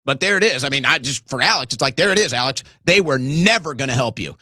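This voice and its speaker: A man's voice: mid-range voice, lively intonation, quick pace, sharp tone, dry recording, studio quality. A man hosting a live political commentary show, ranting indignantly and speaking straight to his audience as folks.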